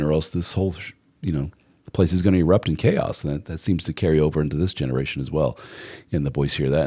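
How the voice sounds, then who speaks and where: A middle-aged man with an extremely low, deep voice talks through viewer questions on a live stream. He rambles in a loose, conversational way as a relationship coach. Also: gravelly, darkish tone, breathy edge. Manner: rambling and conversational with fillers, reads out viewer comments. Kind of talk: casual live chat answering viewer comments.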